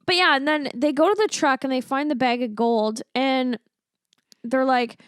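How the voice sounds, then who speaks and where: A woman's voice: high voice, moderate pace, clean tone, dry recording, clean studio sound. A woman co-hosting a podcast, chatty and amused as she retells scenes from a movie. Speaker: podcast co-host. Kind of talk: casual movie-review chat.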